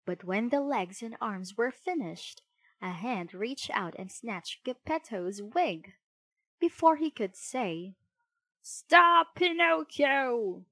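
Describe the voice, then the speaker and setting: A woman narrating a children's storybook in an expressive, unhurried way. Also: mid-range voice, dry recording.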